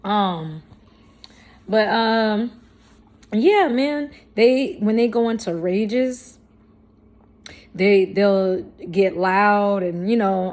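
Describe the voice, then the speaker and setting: Blunt, foul-mouthed woman vlogger. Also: medium pitch. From St. Louis, Missouri, USA. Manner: blunt, heavy swearing, slangy; animated, laughs between points. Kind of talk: casual storytime monologue.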